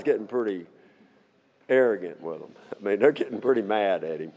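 A man's voice: on the low side, lively intonation, a little fast, darkish tone, highs cut off. A middle-aged man teaching the Bible in a folksy, conversational way, often checking in with "okay?". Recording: long hall reverb.

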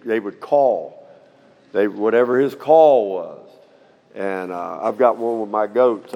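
Middle-aged man, folksy Bible teacher, mellow low voice, long hall reverb. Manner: folksy, repeats "okay?" to check in.

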